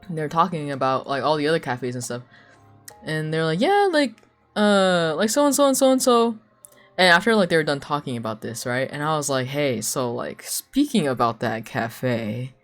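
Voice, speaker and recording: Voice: mid-range voice, a bit bright. A young adult streamer chatting casually while drawing, telling gossip, acting out what others said with gasps and lots of fillers. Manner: gossipy storytelling, acting out quoted people with gasps; filler-heavy, many "like"s. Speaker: live streamer.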